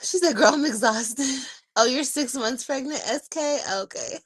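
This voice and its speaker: A woman's voice: high-pitched, a bit bright, slightly rough, dry recording, studio quality. A woman in her thirties chatting casually on a livestream, tired, talking in a weary, sighing way. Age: 30s. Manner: weary, sighing, drawn-out talk. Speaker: livestreaming vlogger.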